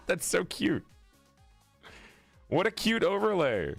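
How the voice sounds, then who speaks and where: A man's voice: sits high, huge pitch swings, drawn-out words, creaky, a bit bright, husky, no room sound, soft background music. A man chatting casually on a live stream while playing a tabletop game, laughing often and talking to his viewers.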